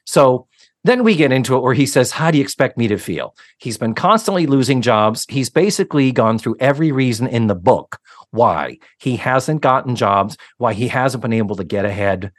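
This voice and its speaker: A man co-hosting a podcast, casually recapping a sitcom episode in an animated, storytelling way with some casual swearing. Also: mid-range voice, normal speed, no room sound, clean studio sound. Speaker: podcast co-host.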